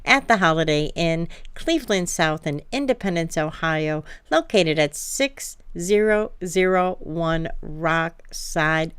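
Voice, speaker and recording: A woman's voice: low-pitched, expressive, takes it slowly, few pauses, a bit bright, clean tone. A woman co-hosting a polka broadcast, announcing band lineups and bantering casually with an upbeat manner. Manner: upbeat, laughs easily, reads out band lineups. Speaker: co-host of a polka radio show.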